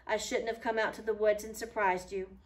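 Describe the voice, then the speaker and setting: A woman reading aloud the lines of an impulsive, sweet young pioneer girl in a brighter, pleading voice. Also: mid-range voice, flat delivery, a little fast, close to an everyday voice. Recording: voice a little far from the mic.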